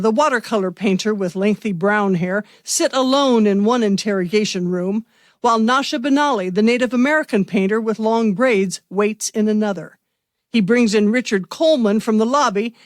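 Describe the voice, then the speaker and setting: A woman narrates a radio mystery in a measured storytelling voice that sits high. The recording is dry and close, with no room sound. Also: dry recording. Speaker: podcast host and narrator. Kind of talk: scripted narration.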